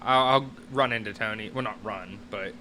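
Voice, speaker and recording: A man's voice: lowish voice, moderate pace, pushed and bright, a little hiss or hum. A man playing in a tabletop game, laid-back and joking. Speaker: player. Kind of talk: casual tabletop play.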